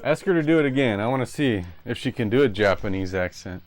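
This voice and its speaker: A man streaming a game, who reacts loudly and excitedly to the game and the chat. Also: medium pitch, quick pace, no echo.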